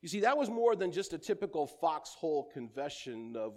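A man's voice: fairly high pitch, sing-song, moderate pace. Earnest male preacher delivering a sermon. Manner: earnest preaching, quoting scripture in older English, soft drops at line ends.

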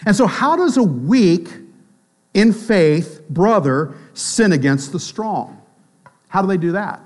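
A man with a high, bright-pitched voice preaching a sermon in a casual, talky way. He keeps checking in with his listeners and slips into the voices of the people he quotes. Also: animated, slow. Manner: conversational preaching with frequent tag questions; acts out quoted voices of both sides. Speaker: pastor.

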